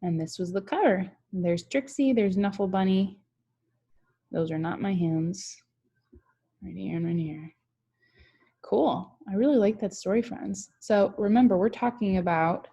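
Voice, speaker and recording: A woman's voice: medium pitch, measured pace, dark tone, breathy edge. A young woman teacher reads a picture book aloud to children, chatting and asking them questions along the way.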